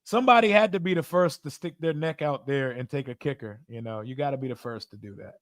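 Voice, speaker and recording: Excitable man hosting a draft stream. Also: medium pitch, fast, no room sound, clean studio sound. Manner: excitable, casual slang and swearing. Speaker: streamer host. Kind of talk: live draft reaction stream.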